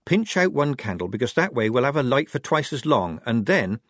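A man's voice: medium pitch, sing-song, fairly quick, dry recording, voice pushed up. A man voicing a resolute young woman soldier who speaks firmly and drily. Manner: firm, dry.

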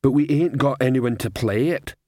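A man's voice: mid-range voice, moderate pace, darkish tone, no echo, natural voice. A man doing Cliff, a simple-speaking troll. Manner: ungrammatical, plain-spoken. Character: slow simple-speaking male troll drummer.

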